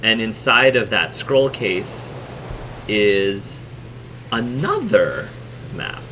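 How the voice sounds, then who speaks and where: A man narrating as game master of a tabletop game, halting with many ums and restarts. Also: on the low side, lively intonation, fairly bright tone. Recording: noisy room hum.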